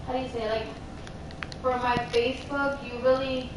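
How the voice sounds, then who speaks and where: A woman's voice: sits high, moderate pace. A young woman telling a story casually to friends, acting out what people said and dropping in Spanish phrases. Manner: animated, quotes people, mixes in Spanish phrases. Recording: roomy, distant mic, background noise.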